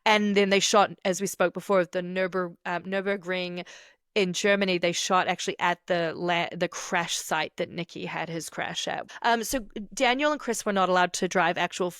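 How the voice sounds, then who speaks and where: A woman hosting a podcast, telling stories in casual chat and quoting people with animated bursts. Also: lowish voice, normal speed, no echo, clean studio sound. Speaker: podcast host.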